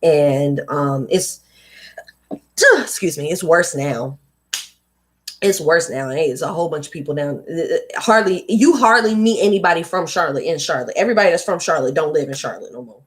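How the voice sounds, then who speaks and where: A woman's voice: low voice, expressive, moderate pace, slightly rough. A woman from North Carolina with a light Southern accent, reading a book aloud on her livestream and breaking off into blunt, swearing asides. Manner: chatty, blunt, swears freely in digressions.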